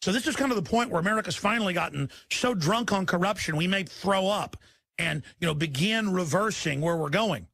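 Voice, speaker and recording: A middle-aged man hosting talk radio, ranting angrily and often shouting into a studio microphone. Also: sits high, animated, brisk, vocal fry. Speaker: radio talk show host. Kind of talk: impassioned talk radio rant.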